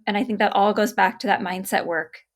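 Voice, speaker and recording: A woman's voice: medium pitch, fairly even intonation, brisk. Affirming woman podcast host. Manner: agreeable, reflective, affirming. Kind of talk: podcast interview conversation.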